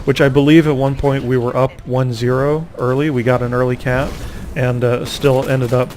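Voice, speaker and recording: A man casually recapping a tournament over gameplay, rambling and poking fun at himself, with quick reactions to the match. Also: medium pitch, flat delivery, darkish tone, slight background noise. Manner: rambling, self-mocking, reacts aloud to the game.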